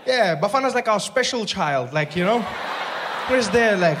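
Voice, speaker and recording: A man's voice: sits high, expressive, moderate pace. A male stand-up comedian, riffing chattily with the crowd. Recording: stage recording with background noise.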